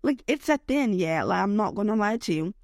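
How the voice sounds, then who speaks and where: A young woman, unwell and with her voice worn by illness, rants on her solo podcast in a rambling, emotional way, saying "like" and "okay?" a lot. Her medium-pitched voice is a little mellow and a little fast, with lively intonation, and the studio sound is clean with no echo.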